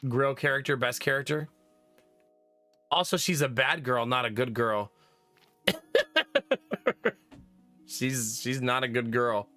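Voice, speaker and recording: A man chatting casually to his live-stream viewers while gaming, talkative and quick to laugh. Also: medium pitch, fairly even intonation, pushed and bright, faint music behind. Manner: chatty, laughs often, talks to chat. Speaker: game streamer.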